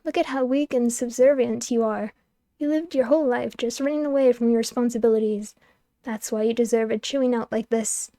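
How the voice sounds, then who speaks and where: A woman's voice: a little high, steady tone, a little fast, mellow, no echo, clean studio sound, lightly acted. A woman voicing a harsh scolding woman. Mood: stern scolding. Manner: stern, berating, demanding.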